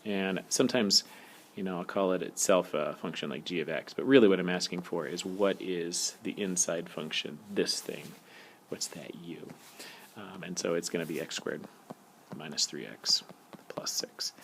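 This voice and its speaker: A man in a recorded calculus lesson, talking loosely and cracking small jokes as he writes. His voice sits low with a gravelly edge. A faint hiss runs under the screencast audio. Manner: relaxed, jokey, talks while writing. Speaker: math teacher. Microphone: tablet screencast mic.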